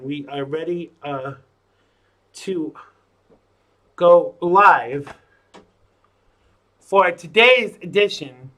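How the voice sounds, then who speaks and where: Slow, chatty man, higher voice. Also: sharp tone. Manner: rambling, chatty, talks to himself. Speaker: live-stream show host. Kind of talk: casual pre-show chat to himself.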